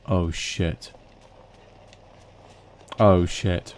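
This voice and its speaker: A man's voice: lowish voice, animated, a little slow, pauses often. A man giving casual let's play commentary into a desk mic on a stand, with swearing, panicky outbursts and self-mocking jokes. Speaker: gaming video host.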